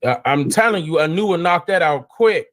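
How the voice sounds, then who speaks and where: Hosting a casual live stream at normal speed, a man with a notably high voice talks in loose slang, stumbling and restarting. He frequently jumps into excited, incredulous exclamations.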